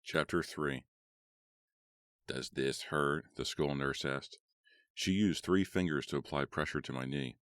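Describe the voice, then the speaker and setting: Male audiobook narrator, very deep voice, dry close sound, steady measured reading. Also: clear, resonant tone, dry recording.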